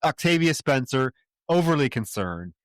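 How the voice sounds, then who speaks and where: A man co-hosting a podcast, recapping a film in a loose, animated way and briefly mimicking characters. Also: mid-range voice, moderate pace, no room sound, studio quality. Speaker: podcast co-host.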